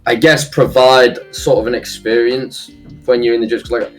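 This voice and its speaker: A man's voice: medium pitch, steady tone, moderate pace, faint music behind. A man from Nottingham with an English Midlands accent, a guest in a casual streamed chat, talking loosely with lots of fillers. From Nottingham, England. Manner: chatty, many fillers like "like" and "you know".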